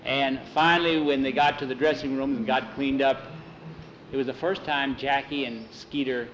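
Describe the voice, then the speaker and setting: A man telling a sports story in a folksy, animated way, with many "he said"s. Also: mid-range voice, moderate pace, lo-fi sound, a little hiss or hum. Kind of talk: told story narration.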